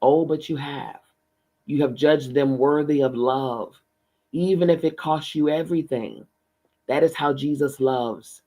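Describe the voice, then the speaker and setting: A man reading aloud, voicing a calm, wise female spirit guide who questions gently and patiently. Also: fairly high pitch, a little slow, poor audio. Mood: gentle. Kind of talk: audiobook reading.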